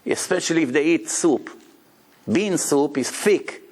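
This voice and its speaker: A lively male rabbi tells a Torah lesson story, his voice swinging high and low as he acts out each character. His tone has a gravelly rasp, and he bursts into shouts and laughter. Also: unhurried. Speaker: rabbi teaching Talmud.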